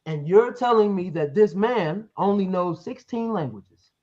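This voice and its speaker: A man's voice: high voice, animated, unhurried, mellow, lo-fi sound. A man debating over a live stream, pressing his point with leading questions and reading verses aloud.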